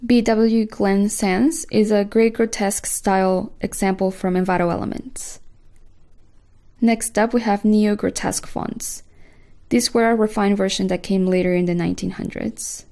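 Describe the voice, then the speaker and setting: A woman narrating a design course lesson in a measured, scripted way. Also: medium pitch, steady tone, dark tone. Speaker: course instructor.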